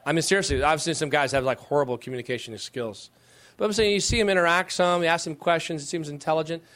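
Middle-aged man, pastor, fairly high voice, animated preaching, slow stressed phrases. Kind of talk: Q&A talk to young women.

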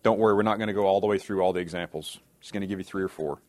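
A man's voice: deep voice, rapid-fire, darkish tone. A man teaching a sermon in a conversational way, often checking in with his listeners and adding sarcastic asides. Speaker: Bible teacher.

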